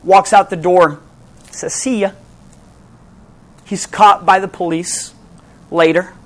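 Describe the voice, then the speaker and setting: A preacher delivering a sermon, asking rhetorical questions and slowing down to press key phrases. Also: medium pitch, level tone. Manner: dramatic, with sudden drops to hushed emphasis and slowed key phrases; asks the audience rhetorical questions.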